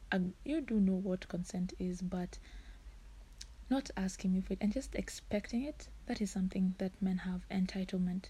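A young woman speaks as a podcast guest, frank and earnest, breaking into short laughs now and then. Her voice is mellow and dark, with a breathy, husky edge, and sits at a middle pitch. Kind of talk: casual podcast talk.

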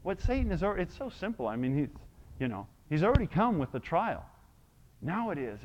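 A man preaching a sermon, telling a personal story and swinging from soft, quiet passages to loud, shouted declarations. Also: a little high, very animated, moderate pace, dull audio, a little hiss or hum.

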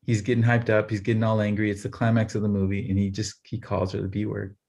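Brief: male co-host, 30s, animated storyteller, lowish voice. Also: quick pace, gravelly. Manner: animated storyteller, laughs often. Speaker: podcast co-host. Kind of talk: casual chat.

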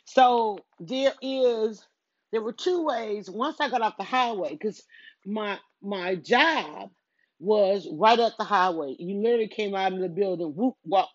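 Moving between rooms as she does chores, a middle-aged woman tells a meandering story for a casual vlog, cutting herself off and voicing her own thoughts aloud. She speaks at a medium pitch, a little slowly. Her headset mic gives a close, dry, slightly muffled sound without echo.

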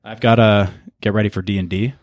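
A laid-back man hosting a podcast, talking loosely and swearing now and then. His voice sits on the low side. It is recorded close and dry, with no room echo. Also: fairly even intonation, fairly quick. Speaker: podcast host. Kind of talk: casual chat.

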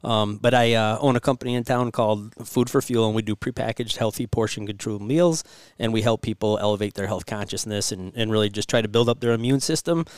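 A man talking as a podcast guest about his meal company, earnest and halting, with many fillers. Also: lowish voice, clean tone, no echo. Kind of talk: casual podcast chat.

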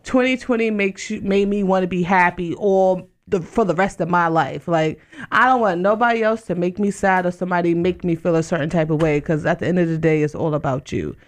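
A woman hosting a casual live radio chat show from a studio, talking loudly and hyping the listeners with repeated greetings and shout-outs. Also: lowish voice, fairly quick. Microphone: studio mic with headphones.

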